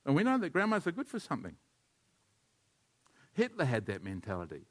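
A man preaching a sermon as a pastor, animated and leading his congregation in call-and-response. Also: fairly high pitch, brisk.

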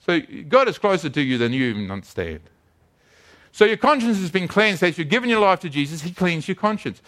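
A man's voice: high voice, big pitch swings, a little fast, fairly bright tone. A man preaching a sermon as a pastor, telling stories earnestly and often repeating his words.

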